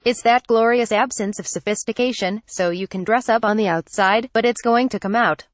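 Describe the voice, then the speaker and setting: A woman's voice reading out a news article, photo credits and quoted punctuation included, in a flat read-out manner. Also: on the high side, moderate pace, dry recording. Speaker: news reader. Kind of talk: text-to-speech article reading.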